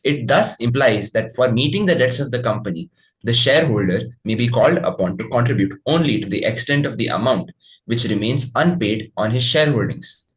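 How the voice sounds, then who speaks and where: A man reading legal definitions aloud in a steady, formal way. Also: mid-range voice, brisk, rough recording.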